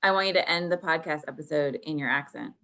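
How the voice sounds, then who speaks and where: Bright, low-pitched woman podcast co-host. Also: quick pace, a little hiss or hum. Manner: encouraging, coach-like, upbeat. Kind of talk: casual chat.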